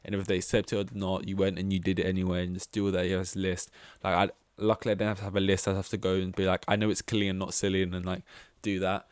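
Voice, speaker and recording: A man's voice: low-pitched, monotone, fast talker, few pauses, clear, resonant tone, dry recording. A young man hosting a casual solo podcast, rambling and chatty, with self-deprecating asides and lots of fillers. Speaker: podcast host.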